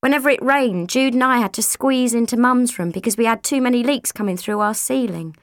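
A woman narrates an audiobook in a slightly high voice. She reads expressively and shifts her voice for each character, close to a dry studio mic. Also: a little fast, dry recording.

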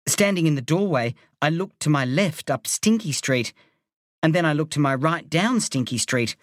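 A woman narrating a children's story aloud in a playful, expressive way. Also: low-pitched, dry recording, studio quality. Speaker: audiobook reader.

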